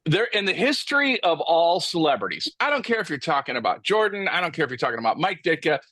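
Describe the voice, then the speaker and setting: A male host with a lively, swooping voice and a bright, forceful tone chats casually with his guest and agrees readily. The sound is dry and close. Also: fairly high pitch, fast talker, no echo. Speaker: podcast host. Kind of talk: casual interview chat.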